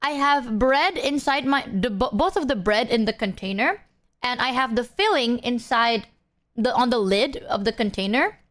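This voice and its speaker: Chatting with viewers on her live stream, a young woman swears freely and occasionally talks through mouthfuls of food. Her voice is fairly high and a bit bright, with lively intonation and a normal speaking speed.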